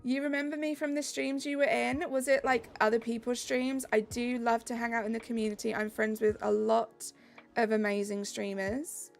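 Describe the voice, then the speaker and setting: A woman's voice: a little high, little pitch movement, normal speed, vocal fry, faint music behind. A young woman from England with a Southeast English accent, chatting upbeat with her live-stream chat while she plays.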